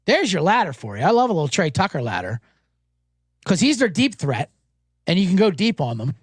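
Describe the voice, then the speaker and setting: Lively man hosting betting talk. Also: high-pitched, slightly rough, no echo, studio quality. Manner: animated storyteller, doing quick voices in anecdotes. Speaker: sports betting show host. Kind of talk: casual sports betting talk.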